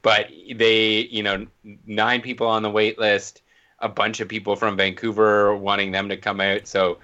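A man's voice: lowish voice, monotone, normal speed, bright, forceful tone. A man hosting a podcast, talking in an upbeat, informal way. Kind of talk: casual chat. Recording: dull lo-fi audio.

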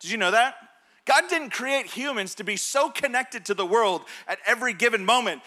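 A man in his thirties, a pastor preaching a sermon through a personal story, told in an animated way with laughs. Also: very high voice, moderate pace.

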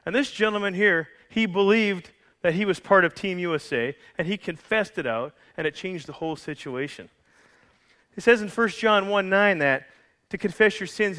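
In church, a pastor preaches a sermon by telling a story conversationally, often restarting and joking with the congregation. His voice sits high and sounds pushed and bright.

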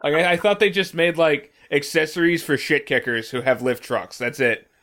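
A man's voice: on the high side, normal speed, a bit bright, a little hiss or hum. A man from Missouri co-hosting a podcast, chatting casually, joking and swearing with stammering restarts. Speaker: podcast co-host.

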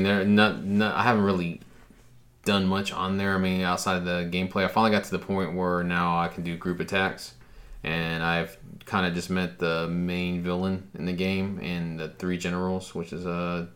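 A man co-hosting a casual chat, telling stories in a relaxed way and swearing freely. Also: sits low, moderate pace. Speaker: podcast co-host.

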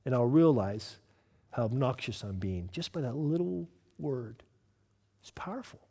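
A man from Southern California preaching a sermon as pastor, earnest, swinging between loud emphasis and soft, slow asides. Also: mid-range voice, big pitch swings, slightly rough, big-room sound.

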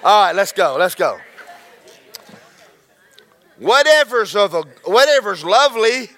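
Animated, bright-voiced preacher. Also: male voice, high-pitched, unhurried. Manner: folksy, animated preaching with repetitions and shouted asides. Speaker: pastor. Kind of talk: sermon.

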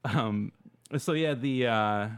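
A man's voice: mid-range voice, slow pace, clear, resonant tone. Laughing man telling war stories. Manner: laughing, storytelling with loose asides. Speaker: podcast co-host. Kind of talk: casual chat.

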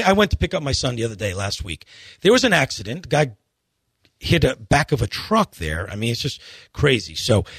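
Husky guy hosting a golf radio show, earnest rambling rant, voice going up and down a lot. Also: mid-range voice, fairly bright tone, no echo, studio quality. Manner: earnest, pleading, rambling with restarts. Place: radio studio.

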